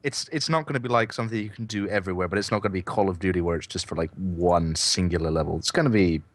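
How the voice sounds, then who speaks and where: A man's voice: sits low, quick pace, dry recording. A man co-hosting a casual developer podcast, laid-back and joking. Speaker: game developer, podcast co-host.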